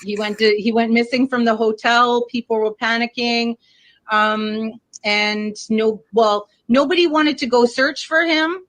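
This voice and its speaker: A woman's voice: a little high, steady tone, measured pace, a bit bright, dry recording. A woman telling a long story in casual chat, rambling and swearing, with many fillers. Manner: rambling, profane, lots of fillers.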